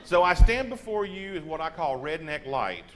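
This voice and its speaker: A man in his forties with a Texan accent, giving a comic storytelling speech in a lively, self-mocking drawl. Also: fairly high pitch, normal speed. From Texas. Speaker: humorous speaker.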